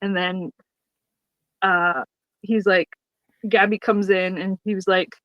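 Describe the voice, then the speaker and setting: A woman's voice: mid-range voice, steady tone, a little slow, pauses often, fairly bright tone, dry recording, poor audio. A woman co-hosting a podcast, retelling sitcom scenes in casual chat, laughing often and acting out the characters' lines. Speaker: podcast co-host.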